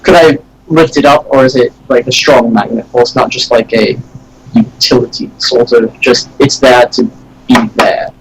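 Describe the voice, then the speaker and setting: A man with an American accent playing a tabletop game, asking halting questions full of fillers. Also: medium pitch, fairly even intonation, a little hiss or hum, low-quality recording. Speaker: player.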